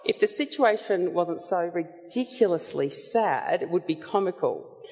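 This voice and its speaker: A woman preaching a sermon, teaching from the Bible in an earnest, measured way. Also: fairly low pitch, lively intonation, warm tone. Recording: dull sound with long hall reverb.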